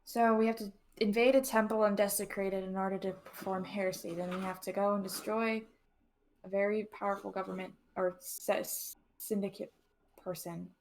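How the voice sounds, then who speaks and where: A woman's voice: medium pitch, flat delivery, normal speed, darkish tone. Woman in a d&d game cracking dry jokes, easygoing chat. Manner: wry, joking. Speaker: player. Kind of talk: casual tabletop game chat.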